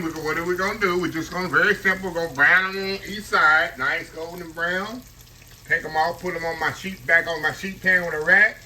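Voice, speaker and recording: Home cook host, chatty "y'all" talker, very bright tone, faint frying noise. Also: male voice, on the high side. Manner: chatty, keeps saying "y'all". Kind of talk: casual cooking demo. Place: home kitchen, frying on the stove. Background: frying sizzle.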